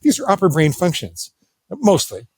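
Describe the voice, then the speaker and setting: A man's voice: sits high, moderate pace, breathy edge, no echo. A middle-aged male psychologist, a guest on an interview show, telling stories with self-deprecating humor. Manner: animated, self-deprecating humor, acts out quoted voices. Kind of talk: conversational storytelling interview.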